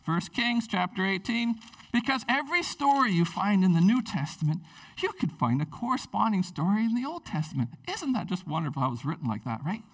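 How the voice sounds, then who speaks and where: A man preaching a casual, excitable sermon, chatty and animated. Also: high-pitched, a little fast, distant mic. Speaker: pastor.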